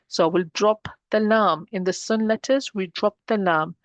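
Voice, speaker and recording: A woman's voice: medium pitch, no room sound, lo-fi sound. Woman teaching Arabic pronunciation, dry sound. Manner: patient, slows down to model pronunciation. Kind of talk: explanatory language lesson.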